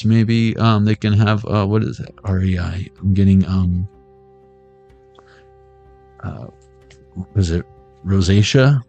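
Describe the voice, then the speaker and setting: A tarot reader gives a casual, rambling intuitive reading, free-associating words aloud, laughing often and singing snatches of old songs. His voice is fairly low and a little mellow, with no echo.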